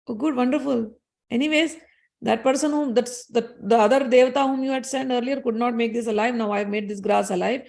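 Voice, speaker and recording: Woman putting on serene goddess, amused, soft challenge, storytelling. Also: on the high side, brisk, vocal fry. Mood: teasing. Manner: coolly amused, gently challenging. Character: calm, teasing goddess testing proud gods.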